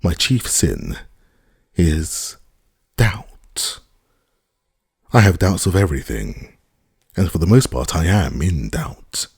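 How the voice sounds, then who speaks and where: A man voicing an anxious, doubting young bridegroom who speaks in a halting, awkward way, in an audiobook. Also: sits low, sing-song, vocal fry, darkish tone, husky, full character voice. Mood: uneasy.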